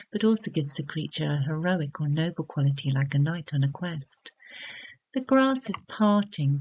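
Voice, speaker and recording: A woman with a British accent giving a measured, careful literature lesson, explaining a poem and slowing on key words. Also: sits low, a little mellow, dull audio. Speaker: literature tutor. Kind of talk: recorded poetry analysis lesson.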